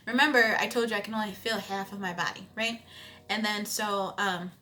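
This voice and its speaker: A young woman in her twenties telling a personal story in a casual vlog, expressive and conversational, with loud emphatic bursts. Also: medium pitch, moderate pace, a little hiss or hum. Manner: animated storytelling with frequent "you know what I'm saying". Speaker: vlogger.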